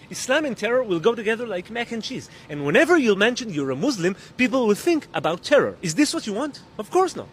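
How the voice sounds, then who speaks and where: A man's voice: high voice, slight background noise. A man delivering a scripted opinion monologue to camera, emphatic and full of rhetorical questions. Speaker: video creator.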